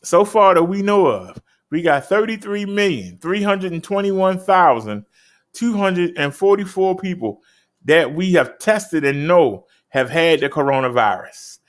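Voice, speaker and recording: A man hosting a casual show. His fairly high voice leaps up sharply on key words, and he has an emphatic, lively delivery. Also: unhurried. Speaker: host. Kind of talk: casual talk show reading daily stats.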